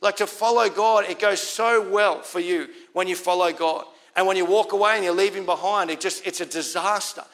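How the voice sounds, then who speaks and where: A man's voice: sits high, fairly even intonation, moderate pace, hardly any pauses, a bit bright. A man with an Australian accent preaching a sermon as pastor, in a conversational way, repeating key lines for emphasis.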